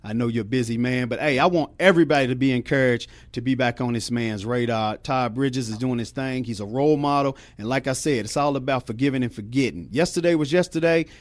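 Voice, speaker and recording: A man's voice: mid-range voice, fast talker, hardly any pauses, no room sound. A man hosting a talk show, upbeat and encouraging, with a casual slangy way of talking. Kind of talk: casual interview chat.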